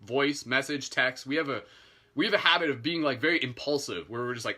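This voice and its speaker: A man with a Canadian accent leads a guided meditation in a bright, clear voice. He speaks gently and slowly through the breathing cues, then loosens into chatty, easygoing asides. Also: mid-range voice, a little hiss or hum. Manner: gentle and soothing, turning chatty with fillers and laughs.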